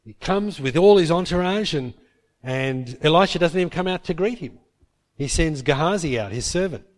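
A man preaching a sermon, retelling Bible stories with lively acted-out quotes. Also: on the high side, moderate pace. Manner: lively storytelling, acts out biblical characters in quotes. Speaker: pastor.

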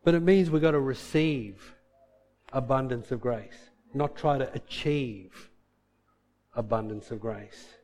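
A man's voice: mid-range voice, slow, a little mellow. A middle-aged man preaching a sermon as pastor, earnest and impassioned, often acting out the voices of believers.

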